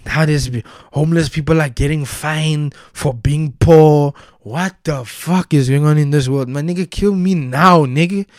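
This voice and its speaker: A man's voice: a little high, unhurried, few pauses, darkish tone, dry recording, studio quality. A young South African man giving casual solo commentary, profane and heated, heavy with slang.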